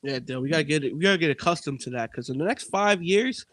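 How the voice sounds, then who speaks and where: A man co-hosting a sports betting podcast, talking in an animated way and turning to his co-host again and again. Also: fairly high pitch, fast talker, no room sound.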